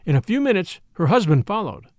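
Expressive male audiobook narrator. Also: high voice, a little fast, no room sound. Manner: expressive storytelling.

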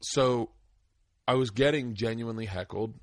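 A man's voice: mid-range voice, moderate pace, no echo, studio quality. Profane, rambling male comedian. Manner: rambling storyteller, profane, animated impressions. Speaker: podcast host, stand-up comedian. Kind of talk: casual chat. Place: home man cave.

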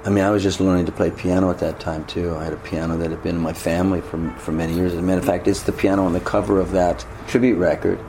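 A low-pitched man answers questions in an old interview clip. His voice is gravelly, and his speech runs quickly with halting restarts over faint room noise. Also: little pitch movement, warm tone. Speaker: interviewed musician. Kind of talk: archive interview.

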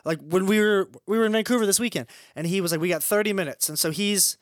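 Rambling high-voiced young man. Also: fast, no room sound, clean studio sound. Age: young adult. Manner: rambling storyteller, many likes and restarts. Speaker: guest comedian. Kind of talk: casual podcast chat.

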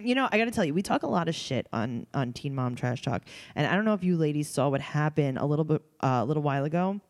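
A woman's voice: low voice, lively intonation, fast, hardly any pauses, darkish tone, dry recording. A woman co-hosting a podcast, chatting casually with blunt, crude teasing, with hiccups, in a home studio. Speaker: podcast co-host. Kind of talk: casual chat.

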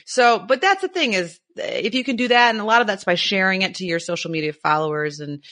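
A woman's voice: mid-range voice, lively intonation, brisk, bright, forceful tone. A woman co-hosting a casual animal podcast, chatty and enthusiastic, laughing often. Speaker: podcast co-host.

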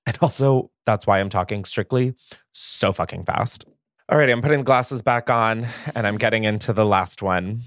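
A man's voice: on the low side, a little slow, fairly bright tone, no room sound, clean studio sound. A man hosting a podcast, reading stories aloud in a profane, gossipy manner, jittery from caffeine and laughing often. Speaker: podcast host.

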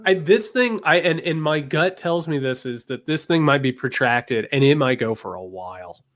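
Man, heated political podcast talk, high voice, emphatic, outraged then grim. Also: lively intonation, normal speed. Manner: impassioned, emphatic, swings from loud outrage to low grim asides. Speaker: podcast co-host, political commentator.

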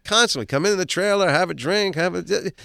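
A middle-aged man and actor, a guest, telling animated, self-deprecating show-business stories in a casual interview. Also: high voice, a little fast, vocal fry, clear, resonant tone, no echo, studio quality.

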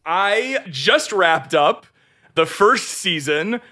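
Giggly, lively-pitched woman podcast guest. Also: very slow. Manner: giggly, laughs often between phrases. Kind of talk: casual chat. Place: podcast recording session.

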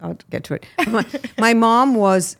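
A middle-aged woman from Miami, a guest actress, chatting casually in an interview and telling animated stories with frequent laughs. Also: a little high, measured pace, vocal fry. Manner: animated storyteller, laughs often, lively asides.

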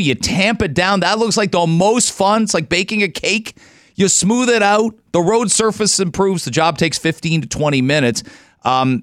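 Canadian male radio host, slightly higher voice, dry studio sound, emphatic and opinionated. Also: no room sound. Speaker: radio talk show host. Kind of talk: talk radio chat.

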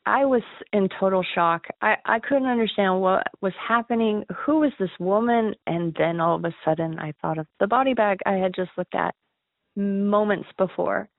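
A woman's voice: mid-range voice, moderate pace, creaky, no room sound. A woman earnestly recounting a personal ghost encounter, with nervous laughs. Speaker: caller sharing a ghost story. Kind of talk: emotional personal storytelling. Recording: tinny phone line, dry.

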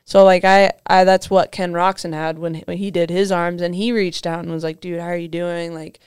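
A young woman chats as a podcast guest, her voice exceptionally smooth and clear. She rambles through stories packed with "like" fillers and breaks into laughter often. The sound is close and dry, with no room around it. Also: fairly low pitch, little pitch movement, moderate pace, darkish tone, no room sound. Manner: storytelling, heavy use of "like" fillers, laughs often. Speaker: podcast guest, motocross racer. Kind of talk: casual chat.

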